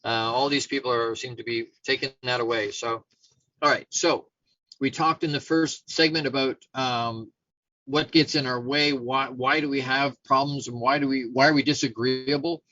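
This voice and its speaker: A man's voice: medium pitch, moderate pace, no room sound, dull audio. Casual middle-aged male talk host. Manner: casual, rambling, frequent restarts, animated storyteller. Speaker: show host. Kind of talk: conversational self-help talk.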